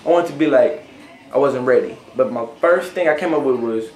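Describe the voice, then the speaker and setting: A young male vlogger speaks a little fast in a medium-pitched, darkish voice, casually rambling through a story to camera. Recorded in an echoey room, he uses many fillers and keeps adding "right?"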